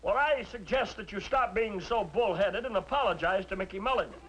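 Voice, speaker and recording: An actor playing an eager young man in a 1950s TV sitcom, with a high, excitable voice. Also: a little fast, slightly rough, dull audio, full character voice. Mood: disguised politeness. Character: eager young man, studio page and hot-rodder.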